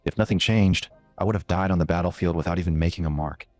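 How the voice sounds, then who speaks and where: A man narrator voicing an earnest young princess in a recap story, raising his pitch. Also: fast talker, dry recording, soft background music, lightly acted.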